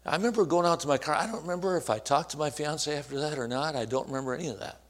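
An evangelist in his sixties tells a story from his own life. His voice sits a little high for a man. He speaks folksy and earnest, restarts his sentences and drops into quiet asides. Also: rapid-fire. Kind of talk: storytelling sermon.

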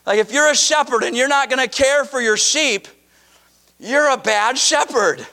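A man preaching a sermon to his congregation, emphatic and animated, mixing scripture reading with casual asides. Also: very high-pitched, moderate pace, gravelly. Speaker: pastor.

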